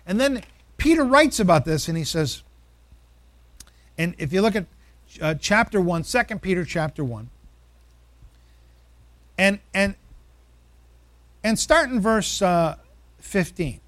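A man with a notably high voice preaches to his congregation. He reads scripture in a slow, deliberate way and asks the room questions. The sound is dry and close, with no room echo. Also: animated, a bit bright. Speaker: pastor. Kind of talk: sermon.

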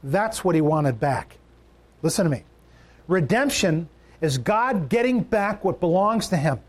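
Preaching in a notably high voice, this male pastor stresses his words and circles back to his key phrases. He lets his pitch rise and dip to land every point, sounding expressive while moving at a slightly slow pace.

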